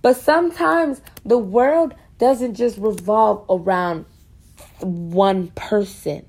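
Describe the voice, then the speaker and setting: A woman's voice: medium pitch, takes it slowly, a little mellow, slightly rough. A woman student venting in a casual, rambling monologue for her podcast, frustrated and full of fillers.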